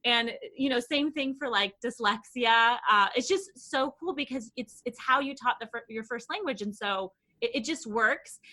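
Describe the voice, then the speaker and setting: A woman's voice: a little high, pushed and bright. A woman in her thirties, a guest on a podcast, talking eagerly about her language program with lots of restarts and fillers. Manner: enthusiastic, quick, many restarts and "like". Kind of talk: casual podcast interview.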